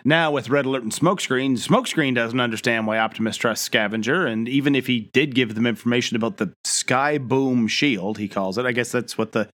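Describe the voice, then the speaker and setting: A young adult man co-hosting a casual recap. He talks in an easygoing way, chuckles, and fills pauses with "uh." His voice is mid-pitched and ordinary. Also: fairly bright tone. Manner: easygoing, chuckling, hesitant fillers. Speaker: podcast co-host.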